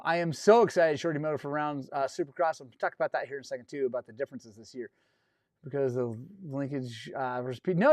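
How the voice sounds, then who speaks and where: A man's voice: a little high, no room sound. A man hosting a dirt bike live stream, chatting casually in a rambling, effusive way and thanking viewers often.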